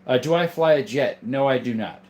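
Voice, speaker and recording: A man's voice: medium pitch, moderate pace, a little mellow. Easygoing guy in his 30s, medium voice, chatting away on a livestream, thanking folks in the chat. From southern Arizona, USA. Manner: laid-back, chatty, greets viewers by name. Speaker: livestream host and gun collector. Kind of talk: casual livestream chat reading comments.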